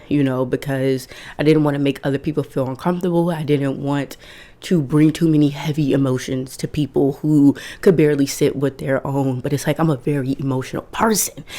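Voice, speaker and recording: A woman's voice: sits low, dark tone. A woman in her twenties talking casually and candidly to her viewers, emphatic and swearing freely. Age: 20s. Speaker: vlogger. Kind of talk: casual self-help talk to camera.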